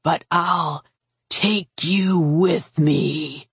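A woman voicing a dying dragon's slow menacing whisper. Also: deep voice, steady tone, slightly rough, no room sound, exaggerated voice.

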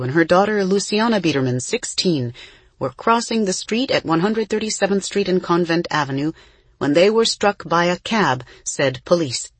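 Husky, gentle audiobook narrator. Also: medium pitch, dry recording. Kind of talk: scripted narration of a children's novel.

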